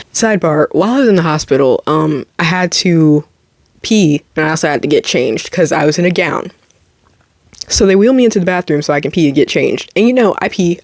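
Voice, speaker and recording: Young woman spilling a wild story to camera, super animated, dry close sound. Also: lowish voice, no echo. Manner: animated, dramatic, quick asides and laughter. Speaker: vlogger.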